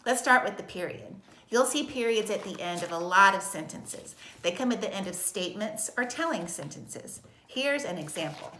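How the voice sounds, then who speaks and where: A woman teaching a recorded kindergarten lesson in a slow, sing-song voice with exaggerated expression. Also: mid-range voice, expressive, pushed and bright, reverberant, a little hiss or hum. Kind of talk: recorded video lesson for young children.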